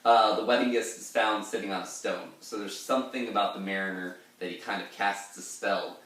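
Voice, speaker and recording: Man, low-ish voice, casual teacher explaining poetry, rambly, echoey room, mic a bit far. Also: steady tone, fairly quick, a bit bright. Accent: pirate-style put-on accent in readings. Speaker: literature lecturer. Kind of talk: informal poetry lesson with pirate-voiced readings.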